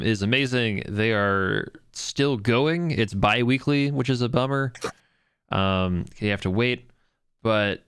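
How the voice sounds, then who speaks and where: Bright, clear-voiced rambling man. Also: medium pitch, dry recording, clean studio sound. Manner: rambling, lots of fillers and "like"; profane, enthusiastic. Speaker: podcast co-host. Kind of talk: casual chat.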